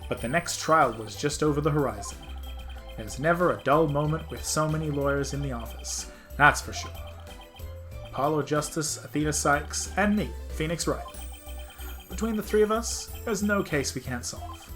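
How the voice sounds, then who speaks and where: A man's voice: a little high, moderate pace, a bit bright, soft background music, close to an everyday voice. A man reading a wry veteran lawyer narrating. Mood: reflective. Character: adult male defense lawyer, wry narrator.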